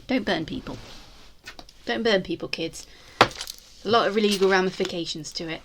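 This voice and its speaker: A woman's voice: medium pitch, moderate pace, very noisy. A woman chatting casually as a YouTuber, rambling through self-deprecating asides. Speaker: YouTuber ranking screen portrayals. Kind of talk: casual chat to camera.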